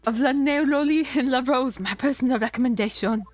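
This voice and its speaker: A woman's voice: sits high, brisk, soft background music, close to an everyday voice. A woman voicing a flamboyant, flirty male French chef in a theatrical put-on French accent, gushing and sprinkling French words. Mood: fussing.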